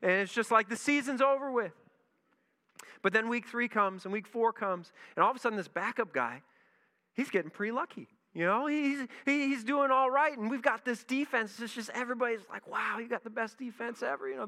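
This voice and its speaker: A man, a pastor, telling a lively story in a sermon and acting out his own reactions. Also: high-pitched. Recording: long reverb in a large hall.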